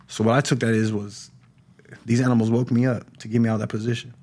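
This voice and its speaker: A middle-aged man giving a personal testimony on a podcast, talking in a halting way with many restarts and repeated words. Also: mid-range voice, little pitch movement, a little mellow. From California. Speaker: podcast guest sharing recovery story. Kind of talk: personal testimony, casual talk.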